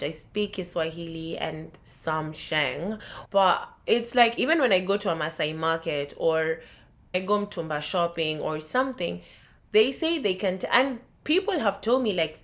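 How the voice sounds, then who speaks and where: A young Kenyan woman with a Kenyan accent speaks candidly and reflectively in a vlog. Her voice is lowish and a bit bright.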